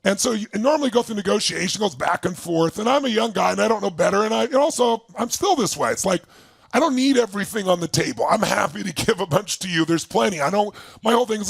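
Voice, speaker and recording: Raspy, gravelly-voiced man telling a story. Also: expressive, fast talker, no echo. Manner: emphatic, acts out quotes with big swings in pitch. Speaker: motivational speaker. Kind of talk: animated storytelling to a live audience.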